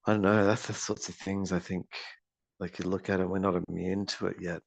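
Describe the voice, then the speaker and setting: A man thinking aloud in a relaxed podcast chat. His low voice is heavily gravelly and husky. The sound is dry and close. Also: a little fast, dry recording. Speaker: podcast co-host. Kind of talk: casual chat.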